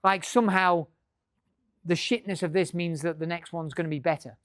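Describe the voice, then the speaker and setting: A man's voice: on the high side, steady tone, normal speed, a bit bright, no echo, studio quality. A middle-aged man giving a business talk to a live audience, joking and swearing freely. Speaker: business speaker.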